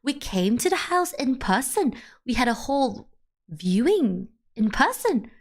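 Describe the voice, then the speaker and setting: Chatty higher-voiced woman streamer. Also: measured pace. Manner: rambling, animated, full of "like" and restarts. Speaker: VTuber streamer. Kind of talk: casual storytelling to a stream chat.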